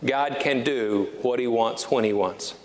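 A man in his fifties preaching a sermon as a pastor, emphatic, repeating key phrases and slowing down to stress them. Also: medium pitch. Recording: reverberant hall with faint noise.

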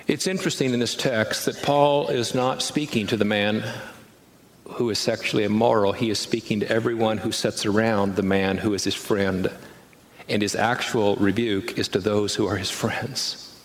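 A man's voice: fairly low pitch, fairly even intonation, moderate pace. A man preaching a sermon as a pastor, earnest and pressing, often repeating lines and asking rhetorical questions. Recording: echoey church hall, reverb.

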